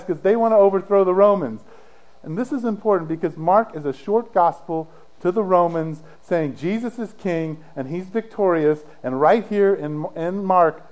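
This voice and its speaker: A middle-aged male pastor preaching a sermon in a casual, conversational way, telling the story with dramatic swings from emphatic to hushed. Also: on the high side, low-quality recording.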